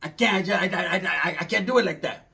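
A man's voice: high voice, fast, creaky, sharp tone, exaggerated voice. A man voicing a stoned young cousin who mumbles and stammers through a favor. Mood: rambling. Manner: stammering, mumbling, full of ums and restarts.

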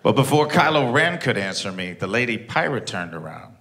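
A man in his thirties doing stand-up comedy, telling a story in a plain-spoken, profane and animated way. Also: fairly low pitch, normal speed, a little hiss or hum. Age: 30s.

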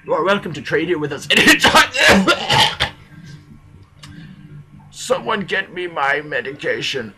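A woman's voice: sits low, sing-song, slow, long pauses, noisy background, full character voice. A woman voicing a frail old male dojo master in a game let's play, speaking formally between coughs. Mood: commanding. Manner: formal, stately speech broken by coughs. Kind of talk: game let's play, reading dialogue aloud.

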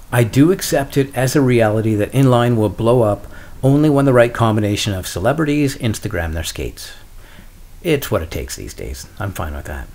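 Wry deadpan man with a low voice. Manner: wry, deadpan asides, sarcastic humor. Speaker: podcast host. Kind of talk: solo podcast monologue.

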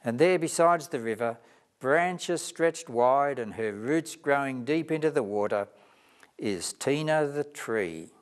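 Slow, expressive male storyteller. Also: medium pitch. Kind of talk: children's story reading.

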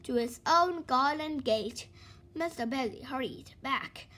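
High-voiced woman reading a storybook. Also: unhurried. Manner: lively, expressive read-aloud. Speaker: storybook reader. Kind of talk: reading a children's book aloud.

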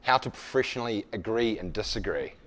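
At a live leadership workshop, a man with a fairly low, somewhat bright voice speaks fairly quickly, his intonation lively. He addresses the room conversationally, pokes fun at himself and acts out sample dialogues, with slight background noise audible.

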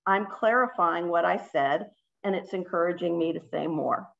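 A woman's voice: lowish voice, normal speed, creaky, dull audio. A woman facilitating an online workshop, upbeat and chatty, asking the group questions. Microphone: video call.

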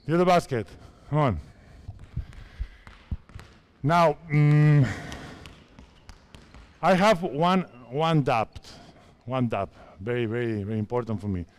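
A man in his fifties from Spain, a basketball coach speaking halting English with a Spanish accent as he directs players through drills at a clinic. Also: medium pitch, clear, resonant tone. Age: 50s. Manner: halting non-native English, repeats phrases, directs players.

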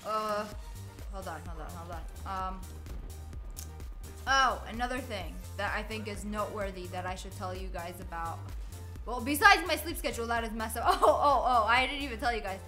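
A woman's voice: mid-range voice, moderate pace, pushed and bright, faint music behind. A young woman streamer tells a rambling story while playing a shooter, swearing at the game and laughing often. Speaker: gaming streamer.

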